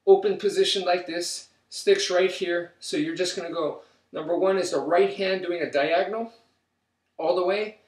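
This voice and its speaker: A man leads a stick-fighting drill and counts each strike aloud as he moves. His voice sits a little high and comes from well back of the camera. The room around him is roomy and echoing. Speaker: martial arts instructor. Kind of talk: instructional demonstration. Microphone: camera mic from a distance. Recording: roomy, distant camera audio.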